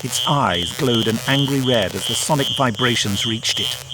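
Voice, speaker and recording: A man reading a science fiction audiobook in a measured, even storytelling voice. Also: mid-range voice, noisy background. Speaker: audiobook narrator. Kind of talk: scripted audiobook narration.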